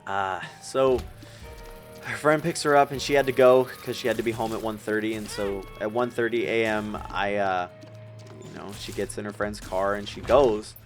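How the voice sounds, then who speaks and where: A young man of eighteen talks through a personal story in a loose, rambling way, his voice sitting a little low. He gets emotional and close to tears at points, with faint music playing underneath. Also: fairly even intonation, moderate pace. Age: young adult. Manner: rambling, emotional, tearing up with nervous laughs. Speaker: streamer telling a personal story. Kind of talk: casual storytelling while gaming.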